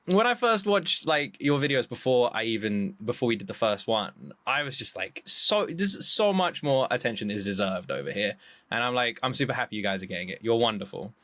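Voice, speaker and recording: A man chatting as a podcast guest, full of excitement and breaking into high-pitched quoted exclamations. His voice is bright and forward, with a very lively pitch that swings up and down. The sound is dry and close. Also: fairly quick, dry recording. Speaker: podcast guest, YouTube reactor. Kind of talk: casual chat.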